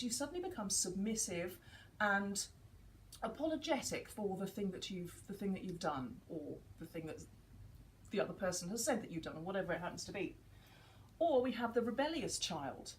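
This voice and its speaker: A woman in her forties explains a concept in a relaxed, conversational way. Her pitch rises and falls a lot as she slips into quoted dialogue. A faint noise sits under the recording. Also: normal speed, rough recording. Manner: animated, acts out dialogue in quotes. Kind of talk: casual teaching talk.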